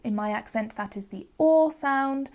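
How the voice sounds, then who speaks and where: Uk woman teaching phonics, slightly high voice, patient and clear, says sounds out slow. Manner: clear, patient explaining, demonstrates sounds slowly. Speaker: phonics teacher and channel host. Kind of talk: educational video lesson.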